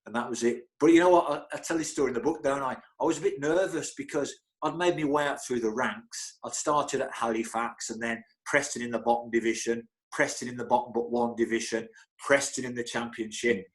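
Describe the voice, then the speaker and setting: A middle-aged physio for a football club chats as an interview guest, spinning casual anecdotes with lots of animation, stumbling, restarting and chuckling often. His medium-pitched voice moves briskly with fairly even intonation.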